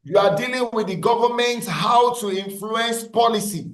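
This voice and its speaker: Man lecturing, high and echoey. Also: moderate pace. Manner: repeats key phrases, asks class questions. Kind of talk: online class lecture. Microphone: video call.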